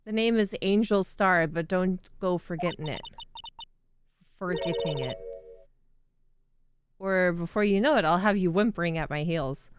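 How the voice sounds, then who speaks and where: A woman's voice: on the low side, unhurried, pauses often, clean tone, natural voice. Streamer girl doing a snooty mean lady from a game, cold and mocking. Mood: haughty. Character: haughty sharp-tongued woman, scornful and proud.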